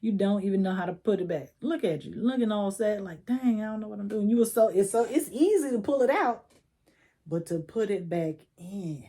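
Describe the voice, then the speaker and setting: A young woman gives a relaxed, chatty tarot reading with a mellow, warm tone. She coaches the listener directly and drops in slang as she goes. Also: medium pitch, moderate pace, husky. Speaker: tarot reader.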